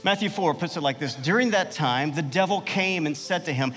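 A man's voice: a little fast, hardly any pauses, fairly bright tone, big-room sound, faint music behind. A man preaching a sermon with passion, asking the listeners questions and letting his voice swell at key points. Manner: passionate, rhetorical questions, swells in pitch and volume. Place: church sanctuary.

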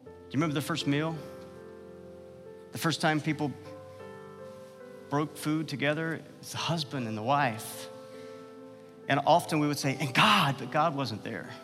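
In a church sanctuary with a long reverb tail, a man with a fairly bright voice preaches passionately. He poses rhetorical questions to the congregation, his pitch and volume swelling at key moments.

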